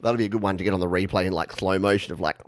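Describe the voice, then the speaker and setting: A man's voice: low-pitched, steady tone, racing. A man who plays viewers' song requests on guitar, chatting casually between songs in a rambling, self-mocking way with plenty of fillers and chuckles.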